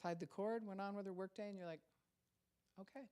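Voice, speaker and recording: Animated woman pastor preaching conversationally. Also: mid-range voice, fast talker, clear, resonant tone. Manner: conversational, acts out quoted voices, laughs often. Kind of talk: sermon.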